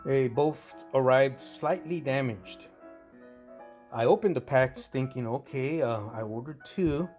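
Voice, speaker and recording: A man's voice: mid-range voice, measured pace, a little mellow, soft background music. Rambling man narrating his model workshop. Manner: rambling, self-correcting, conversational. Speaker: scale model restorer.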